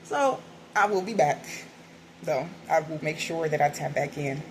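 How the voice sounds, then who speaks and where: A woman's voice: sits low, a little slow, slight background noise, low-quality recording. A woman hosting a spiritual video, talking candidly and rambling to her viewers in a casual way, swearing now and then. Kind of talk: casual spiritual talk to camera.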